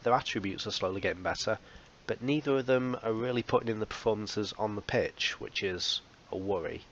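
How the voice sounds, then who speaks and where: A low-voiced man narrates his football management game in casual commentary. His humor is wry and self-mocking. The recording sounds dull and lo-fi. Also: fairly quick, fairly bright tone, a little hiss or hum. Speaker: let's play host.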